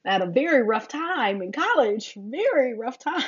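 A middle-aged woman giving a casual faith talk straight to her listeners, preachy and animated, calling them sis. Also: medium pitch, slow pace, slightly rough, dull audio.

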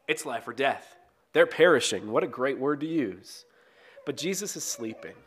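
Speaking at normal speed with a medium pitch, a man gives a sermon in a conversational style. After reading a scripture passage he unpacks it, frequently tagging his points with "right?"

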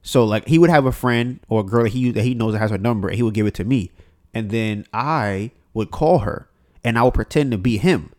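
A man's voice: mid-range voice, darkish tone. A man talking alone on his podcast, loose and rambling with many fillers and restarts, swearing freely and acting out old phone calls in quoted voices. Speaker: podcast host. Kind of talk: solo podcast monologue.

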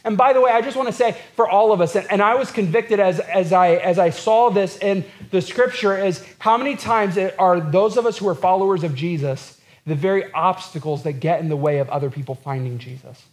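A pastor delivers his sermon in a fairly high voice. He is earnest and repeats phrases to build his point. He acts out the words of the people in the text. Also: fairly quick, few pauses. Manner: earnest, repetitive preaching with acted-out quotes.

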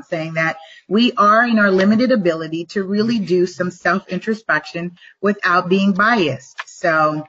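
A middle-aged woman hosting a live motivational vlog, talking emphatically and repeating herself, slowing down to drive her points home. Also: fairly low pitch, fairly bright tone, husky, dull audio. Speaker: vlog host. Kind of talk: motivational live-stream talk.

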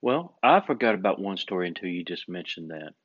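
A man's voice: sits low, brisk, breathy edge. A man telling stories in casual chat, acting out the voices of people in them. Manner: animated storyteller, acts out quoted voices. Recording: dull lo-fi recording.

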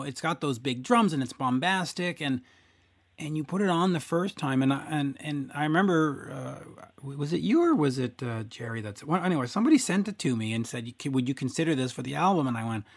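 Man, interview host, slightly high voice, chatty, casual. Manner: chatty, swears casually, many restarts. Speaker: podcast host.

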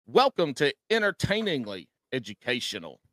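A man's voice: mid-range voice, huge pitch swings, normal speed, a bit bright, no echo, studio quality, faint music behind. Folksy man with a Southern drawl. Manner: folksy, joking, self-deprecating. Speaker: podcast host. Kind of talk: casual podcast chat.

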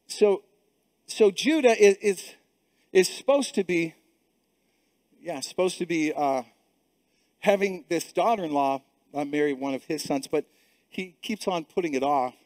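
A man's voice: a little high, darkish tone, no echo. A middle-aged male pastor preaching a sermon with emphatic repetition and frequent restarts. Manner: emphatic, repeats words, many restarts.

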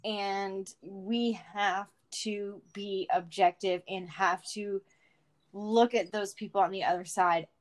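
A woman's voice: mid-range voice, steady tone, takes it slowly. A woman host who reads a story aloud and then chats about it, thoughtful and full of little restarts. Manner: chatty, many fillers and restarts, thoughtful. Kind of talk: reading fan fiction aloud and casual chat.

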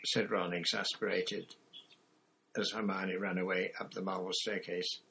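A man reading a novel aloud in steady, measured scripted narration. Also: low-pitched, slight background noise, rough recording. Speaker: audiobook reader.

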